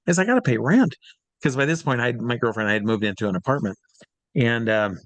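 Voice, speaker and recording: A man from Iowa tells a long anecdote as an interview guest, lively and animated, pushing his voice up when he reenacts what people said. He sits at a middling pitch, and the recording is dry and close, with no room sound. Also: normal speed, dry recording. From Iowa, USA. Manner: lively storyteller, voice climbs high when reenacting scenes. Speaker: interview guest, hypnotist and magician.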